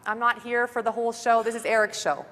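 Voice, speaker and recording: A woman's voice: on the high side, little pitch movement, fast talker, a bit bright. A young woman giving an upbeat motivational talk at a conference, chatty and saying "like" often, recorded on a stage mic. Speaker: conference speaker. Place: large conference hall. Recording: long reverb of a large hall.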